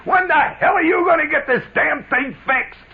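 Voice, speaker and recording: A storyteller puts on a glowering young man who suddenly hollers, high and sharp. It comes through a narrow, phone-like radio band. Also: moderate pace. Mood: shouting. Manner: shouting.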